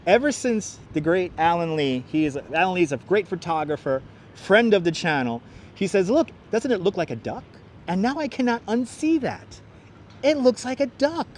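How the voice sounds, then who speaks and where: This male livestream host has a high, sing-song voice and talks at normal speed while walking viewers around an elevated city park path. He chats casually and laughs a lot, and his wireless clip-on mic picks up a little hiss or hum.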